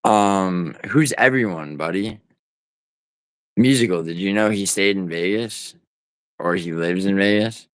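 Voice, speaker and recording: A man's voice: low-pitched, unhurried, clean tone, no room sound. A man livestreaming from home, rambling and teasing his viewers in profane, casual banter as he reads the chat. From United States.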